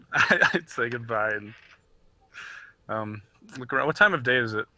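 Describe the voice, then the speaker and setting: A man's voice: mid-range voice, lively intonation, a little slow, bright, forceful tone. A young man playing a character in a casual tabletop role-play, playful and giggly. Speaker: player.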